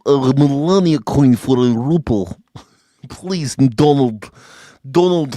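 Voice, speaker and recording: A man's voice: fairly high pitch, dark tone, no room sound, studio quality. A man doing a mocking impression of a Russian leader who halts and stammers while begging to buy a coin. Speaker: live streamer doing an impression.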